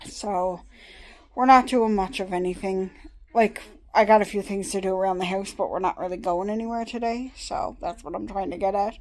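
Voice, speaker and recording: A woman's voice: mid-range voice, moderate pace, darkish tone, rough recording. A middle-aged woman talking casually into her phone camera for her vlog, rambling and chatty with small laughs. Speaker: vlogger.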